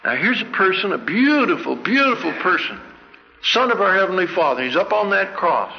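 An older man from Canada delivers an anecdotal sermon, telling stories earnestly and pressing one searching question after another. His voice sits fairly high with a gravelly edge. The sound is a dull, lo-fi recording with long reverb from a large hall. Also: very animated, moderate pace, a little hiss or hum. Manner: earnest storyteller, asks many searching questions. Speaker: church speaker.

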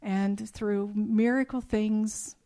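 A woman's voice: mid-range voice, fairly even intonation, slow pace, mellow. A middle-aged woman giving a spoken testimony to an audience, telling her story emphatically and acting out the dialogue. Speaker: speaker telling a personal testimony.

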